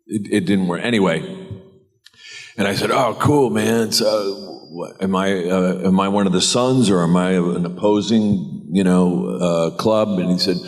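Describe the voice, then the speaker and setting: A middle-aged American man telling stories on a convention panel, animated and laughing often. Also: deep voice, measured pace. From United States. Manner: animated, laughing, acts out quoted voices. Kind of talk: anecdotal storytelling. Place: large convention hall. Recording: reverberant convention hall.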